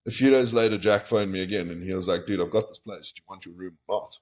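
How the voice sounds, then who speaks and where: A young man with a very low voice tells a long personal story in a casual, candid way. He slips into the quoted voices of the people he met. He is a guest talking with a podcast host. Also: fairly even intonation, fast. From South Africa.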